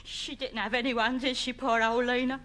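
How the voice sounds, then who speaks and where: A woman's voice: a little high, flat delivery, normal speed, a bit bright, lightly acted. A woman playing a chatty, blunt, gossipy elderly grandmother in a comedy sketch. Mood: mournful. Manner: chatty, dropping sly asides.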